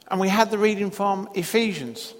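A male preacher delivering a sermon at an unhurried, measured pace, pausing often as he tells a story. His voice sits fairly high for a man. The sound carries a long reverb, like a large church. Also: sharp tone.

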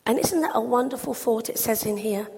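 A woman giving an animated, expressive children's talk in church. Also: a little high, fairly quick, creaky, breathy edge, in a large hall.

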